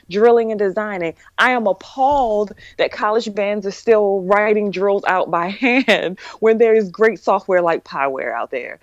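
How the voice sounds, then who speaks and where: A woman's voice: medium pitch, no echo. Emphatic woman on a dull, dry line. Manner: emphatic, opinionated, laughs between points. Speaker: podcast co-host. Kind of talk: casual panel discussion.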